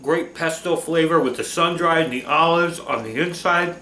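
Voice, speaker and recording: A man's voice: a little high, normal speed, sharp tone, reverberant, recorded from a distance. A man hosting a cooking vlog, talking casually and enthusiastically through a recipe, often checking in with "okay?".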